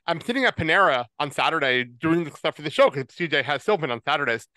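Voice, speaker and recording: A man in his forties co-hosting a podcast, halting and choked up, with many pauses and fillers. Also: on the high side, lively intonation, bright, forceful tone, no room sound. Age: 40s. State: tearful, choked up. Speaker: podcast co-host. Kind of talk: casual podcast chat.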